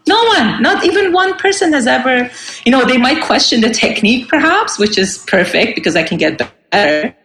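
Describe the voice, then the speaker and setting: In a relaxed interview conversation, a singer from Iran in her forties talks earnestly, using lots of fillers and restarting often. She sounds high, expressive, brisk, and a bit bright, in a roomy recording with slight background noise.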